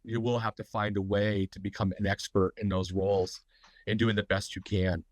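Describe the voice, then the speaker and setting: Middle-aged male host, low and congested, rambling live talk, dry sound. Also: little pitch movement, moderate pace, dry recording, poor audio. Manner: rambling, frequent fillers and restarts. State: stuffy, congested. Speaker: host of a tattoo business talk. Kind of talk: live online business talk.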